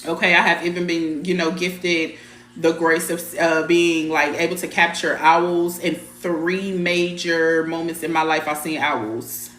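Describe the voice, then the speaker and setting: A woman hosts a live spiritual stream, speaking casually and bluntly as she greets viewers by name, repeats her points and swears mildly. Her voice sits low with fairly even intonation, a measured pace and a fairly bright tone, in a roomy-sounding space. She comes across as emphatic and direct, circling back to the same phrases.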